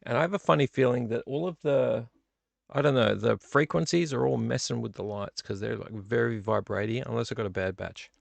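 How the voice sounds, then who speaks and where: A middle-aged man, chatting casually and rambling to viewers on his live stream from a home studio, with a gravelly voice. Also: mid-range voice, a little fast, no echo. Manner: rambling, chatty, self-deprecating. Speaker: vlog host.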